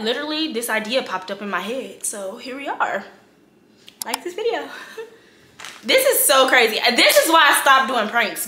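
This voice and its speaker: A woman's voice: a little high, bright, forceful tone, roomy sound. A young woman, chatting casually to her viewers in a prank vlog, swearing freely and laughing often. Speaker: vlogger. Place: home kitchen.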